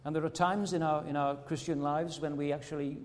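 An earnest male preacher delivering a sermon in a fairly high voice, leaning on rhetorical questions and stumbling over repeated words. His voice carries a long reverb from a big church hall. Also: little pitch movement, fairly quick.

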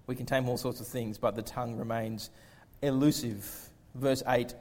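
A man preaching a sermon as pastor, earnest and slowing down to press key words. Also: medium pitch, darkish tone. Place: church. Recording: long reverb of a church hall.

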